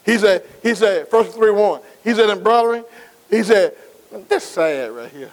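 A man's voice: sits high, lively intonation, unhurried, poor audio. A male pastor preaching a sermon, asking the congregation rhetorical questions and repeating words as he builds. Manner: call-and-response preaching, frequent rhetorical questions.

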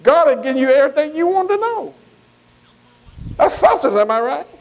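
A man preaches a sermon in a high-pitched voice. His talk is colloquial and folksy. He keeps checking that the congregation agrees with him. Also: sing-song, normal speed, low-quality recording. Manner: call-and-response, repeatedly asking the congregation for agreement; folksy, colloquial Southern US grammar.

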